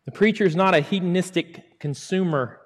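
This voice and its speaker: A middle-aged man preaching a sermon, acting out quoted words and swinging between loud emphasis and hushed asides. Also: sits high, normal speed. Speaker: pastor. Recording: long hall reverb.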